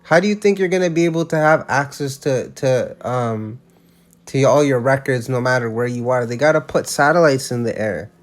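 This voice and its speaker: A man's voice: medium pitch, moderate pace. A man giving casual religious commentary, emphatic and slangy, often restarting his sentences.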